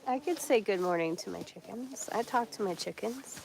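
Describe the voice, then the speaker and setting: A woman's voice: medium pitch, animated, normal speed, creaky. A woman hosting a casual livestream at a snowy outdoor chicken coop, chatty and baby-talking her chickens on a handheld phone, with noise in the recording. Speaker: livestream host. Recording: noisy outdoor phone audio.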